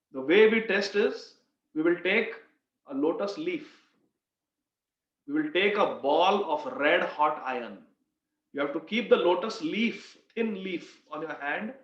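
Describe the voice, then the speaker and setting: A man preaching, retelling a devotional story with animated storytelling and frequent restarts. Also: fairly high pitch. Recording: roomy, muffled recording.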